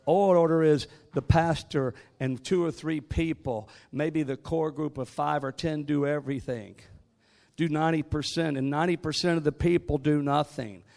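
A man's voice: a little high, steady tone, moderate pace, vocal fry, a little mellow. A man preaching a sermon, moving from joking asides to rising call-and-response exhortation. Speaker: guest preacher.

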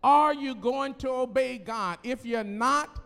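High-voiced male pastor preaching. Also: slow pace, vocal fry, clear, resonant tone, big-room sound. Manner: animated, call-and-response, laughing asides. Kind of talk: sermon. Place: church.

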